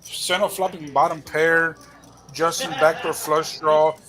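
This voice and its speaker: A man giving live play-by-play commentary on a poker cash game, relaxed and thinking aloud with pauses. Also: a little high, a crowd in the background, poor audio.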